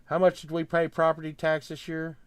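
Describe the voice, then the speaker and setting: Man, middle-aged, folksy heated storyteller; slightly high voice, dry. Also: completely flat delivery, brisk, clear, resonant tone, dry recording. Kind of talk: casual storytelling chat.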